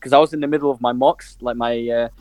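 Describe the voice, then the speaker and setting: A young man telling stories on a casual podcast, animated, swearing freely and laughing as he talks. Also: mid-range voice, fast, noisy background. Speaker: podcast co-host. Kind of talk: casual storytelling chat.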